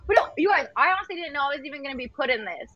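A young woman hosting a livestream battle, excitable and gushing, with quick laughs, over dull lo-fi phone audio. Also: high voice, heavy background noise.

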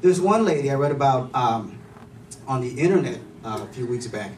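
A man's voice: medium pitch, animated, moderate pace, darkish tone, distant mic, slight background noise. Man doing stand-up in an echoey club. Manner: loose, chatty storytelling with many fillers. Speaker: stand-up comedian. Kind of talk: stand-up comedy set. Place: comedy club stage. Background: room ambience and audience laughter.

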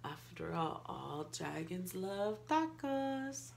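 A woman reading a picture book aloud to a child, playful, with gasps and excited outbursts. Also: on the low side, takes it slowly, gravelly, a little hiss or hum. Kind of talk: animated read-aloud storytelling.

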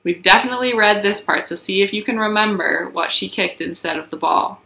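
A young woman teacher reading a children's book aloud to her first graders with expressive storytelling. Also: medium pitch, fairly quick, creaky.

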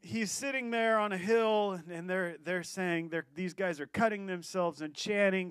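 A pastor preaching a sermon, telling a personal story in a lively, animated way with quick restarts. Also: male voice, sits high, clear, resonant tone, no room sound.

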